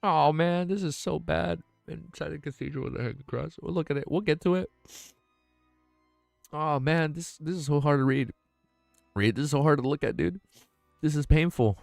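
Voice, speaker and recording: A young man hosting a late-night livestream, reacting to artwork in a casual, excitable way with plenty of swearing, his voice tired and worn out. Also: on the high side, moderate pace, vocal fry, pauses often, no echo, soft background music. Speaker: livestream host.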